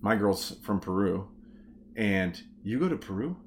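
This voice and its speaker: Blunt, low-voiced man. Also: measured pace, a little hiss or hum. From United States. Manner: blunt, opinionated, backs up the guest with steady agreement. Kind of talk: casual political chat.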